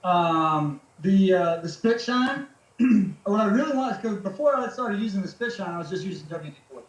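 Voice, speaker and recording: High-voiced laid-back man telling stories. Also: animated, normal speed, reverberant, rough recording. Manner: laid-back, swears freely, many fillers. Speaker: podcast guest, military veteran. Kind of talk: casual storytelling chat.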